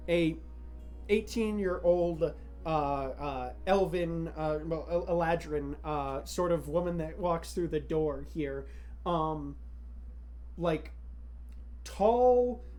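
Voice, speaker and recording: A man's voice: on the high side, darkish tone. A man narrating as game master of a tabletop game, rambling with lots of fillers. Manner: rambling, full of fillers and laughs.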